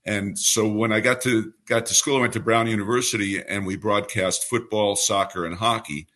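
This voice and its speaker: Casting: older man in his 70s from New York, seasoned radio play-by-play voice, bright and clear, lowish pitch, relaxed storyteller. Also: normal speed. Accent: New York, mostly trained away. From New York City. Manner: relaxed anecdotal storyteller with a polished announcer delivery. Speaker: baseball radio broadcaster, guest. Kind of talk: storytelling interview answer.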